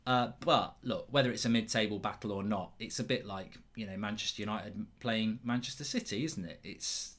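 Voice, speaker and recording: A man's voice: on the low side, moderate pace, few pauses, a bit bright. A man hosting a live football watchalong, chatty and teasing, reading out viewer comments with lots of stammered restarts.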